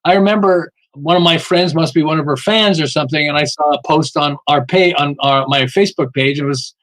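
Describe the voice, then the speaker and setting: A man's voice: a little high, fairly quick, fairly bright tone, rough recording. A man telling marketing stories in a podcast interview, emphatic and often asking "okay?" as he acts out little dialogues. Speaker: podcast guest, marketing author. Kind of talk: animated storytelling interview.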